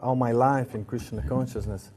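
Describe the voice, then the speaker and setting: A man with an Italian accent, a guest recalling his life with his teacher, speaking in halting, repeated starts with a laugh now and then. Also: medium pitch, steady tone, a little mellow. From Italy. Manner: halting, restarts often, laughs as he tells stories. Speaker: interview guest. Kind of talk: casual spiritual reminiscence.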